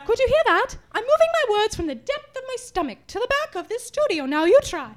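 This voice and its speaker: A woman's voice: very high-pitched, sing-song, brisk. A woman playing a pompous, eccentric singing teacher in a comedy sketch, talking theatrically and scolding her students with grandiose, odd comparisons. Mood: grandly instructive.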